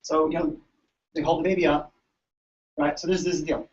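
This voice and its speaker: Male chiropractor, fairly high voice, animated storyteller, recorded from across an echoey room on a dull mic. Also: fairly quick, far from the mic. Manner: animated, chatty, keeps asking "right?". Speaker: chiropractor presenting to colleagues. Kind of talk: storytelling talk to an audience.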